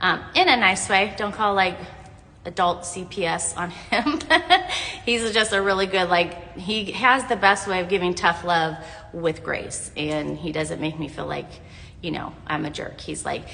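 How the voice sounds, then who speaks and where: A woman's voice: lowish voice, steady tone, normal speed, gravelly, bright, forceful tone. A middle-aged woman vlogger giving earnest, faith-based encouragement in a rambling, casual way with fillers. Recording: echoey room with long reverb.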